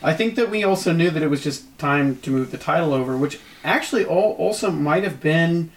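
A man's voice: fairly high pitch, lively intonation, fairly quick. A young man co-hosting a casual wrestling show, talking over old match footage and often repeating his words. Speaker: wrestling promotion co-host.

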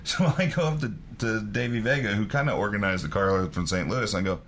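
A man's voice: on the low side, quick pace, hardly any pauses, slight background noise. A man, a wrestling promoter telling a story in a casual chat, swearing often and laughing as he talks. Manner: profane, laughing, animated storyteller. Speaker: wrestling promoter, podcast co-host.

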